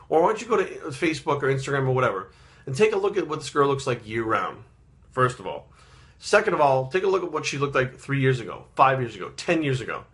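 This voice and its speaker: A man's voice: fairly high pitch, bright, forceful tone. A man, a fitness trainer, ranting bluntly and heatedly in a profane vlog monologue.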